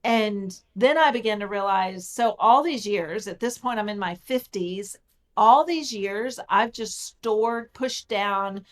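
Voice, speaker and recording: A middle-aged woman speaks as a podcast guest, recounting her own experience in a lively, emphatic way. Her voice sits in a middle register, and she repeats key words to drive them home. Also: mid-range voice, slow pace. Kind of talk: personal storytelling in conversation.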